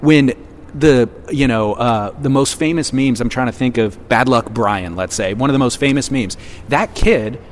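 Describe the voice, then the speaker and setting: A man talking in relaxed podcast chat, his voice at an ordinary middle pitch. He tells his side with animation, slipping into quoted lines as he goes. A faint hiss sits under the voice. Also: moderate pace. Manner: animated, acts out quoted remarks. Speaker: podcast co-host. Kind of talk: casual chat.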